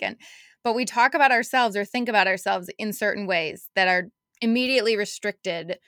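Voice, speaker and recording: A woman's voice: medium pitch, moderate pace, a bit bright, clean tone, no echo, clean studio sound. A woman co-hosting a casual podcast chat, reflective and chatty, often quoting her own inner voice. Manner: chatty, reflective, quotes herself in asides.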